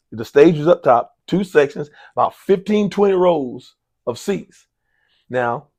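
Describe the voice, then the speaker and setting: A man tells a long personal story as a coach in an interview. His voice moves up and down a lot as he acts out what people said, with many repeats and direct asides to his listeners. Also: mid-range voice. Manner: animated storyteller, acts out dialogue, frequent repetitions and "y'all". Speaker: head basketball coach, interview guest. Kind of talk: storytelling in a sports talk interview.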